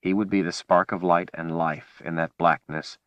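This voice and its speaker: A man reads a fantasy audiobook in a measured, dramatic style. His voice is very deep and sits close to the microphone. The sound is dry, with no room echo at all. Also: steady tone, a bit bright, highs cut off. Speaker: audiobook narrator. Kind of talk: audiobook narration.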